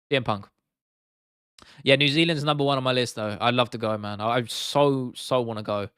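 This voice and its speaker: Here a young man from England talks loosely on stream, cursing often as he responds to viewers. The mid-pitched voice comes across smooth and clear, slightly bright, in a dry, close-miked recording.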